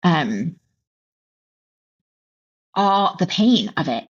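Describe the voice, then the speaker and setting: A middle-aged woman telling her personal story as an interview guest, halting and emotional, with many restarts and repeated words. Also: fairly low pitch, big pitch swings, husky. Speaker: author and keynote speaker, guest. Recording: dull lo-fi audio.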